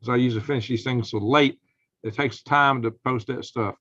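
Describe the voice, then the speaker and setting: A man's voice: mid-range voice, fairly even intonation, brisk, no room sound. Folksy man, dry dull stream audio. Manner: folksy, rambling, gets heated and loud when indignant. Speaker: prepping channel host. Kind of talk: live-stream commentary.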